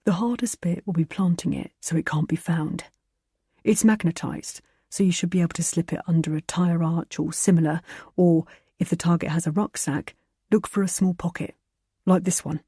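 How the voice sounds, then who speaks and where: A woman narrator voicing a careful young man explaining a plan in a low, instructive way. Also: steady tone, normal speed, mellow, slightly rough, no room sound, studio quality. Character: careful young man, self-confessed control freak.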